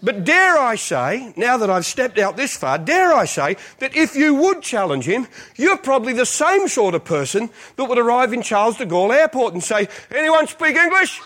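A man's voice: very high-pitched, sing-song, normal speed, hardly any pauses, a bit bright. A male pastor preaching a sermon as a comic, self-mocking story, often laughing through his lines.

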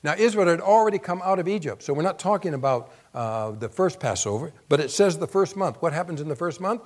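A man's voice: on the high side, animated, brisk. A man preaching a sermon in a conversational way, asking the audience questions and rising to emphasis when he reads scripture.

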